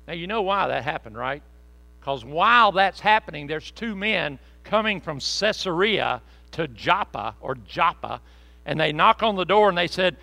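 A man's voice: a little high, very animated, measured pace, vocal fry, bright, forceful tone, no room sound, low-quality recording. A man preaching a sermon as pastor, folksy and conversational with joking asides to the congregation.

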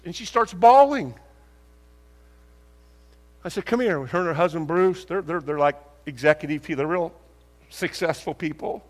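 A man preaching a sermon, telling stories and acting out conversations, asking rhetorical questions with lively emphasis. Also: fairly high pitch, moderate pace, long pauses. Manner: animated, acts out dialogue, rhetorical questions. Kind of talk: sermon with storytelling. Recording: long hall reverb.

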